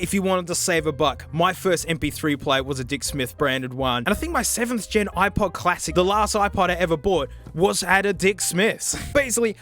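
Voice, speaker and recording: A high-pitched Australian man chats his way through a gadget review, cracking jokes and throwing in plenty of slang. Faint music plays softly behind him. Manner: jokey, animated, full of Aussie slang. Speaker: YouTube host reviewing gadgets. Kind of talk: casual review chat.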